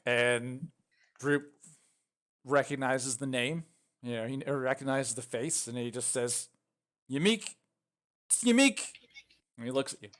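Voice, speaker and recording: A man narrating a tabletop game as dungeon master, casual and halting with many fillers. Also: medium pitch, flat delivery, a bit bright.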